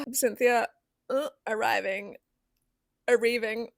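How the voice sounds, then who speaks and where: A woman's voice: a little high, slow pace, gravelly, a bit bright, dry recording, clean studio sound. A woman hosting a reaction video, gushing giddily with frequent squeals and laughs.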